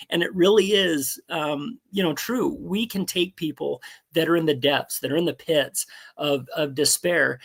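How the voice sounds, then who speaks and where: A man's voice: fairly high pitch, measured pace, gravelly, fairly bright tone. A man in his seventies, speaking as a guest on a video call in an earnest, folksy, encouraging way. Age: 70s. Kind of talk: casual motivational talk.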